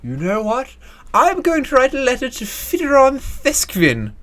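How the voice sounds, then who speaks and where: A woman's voice: high voice, wildly swooping pitch, unhurried, fairly bright tone, voice pushed up, exaggerated voice. A woman voicing an indignant, gossiping wealthy society woman in an improvised tabletop game. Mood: pompous outrage. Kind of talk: improvised tabletop role-play.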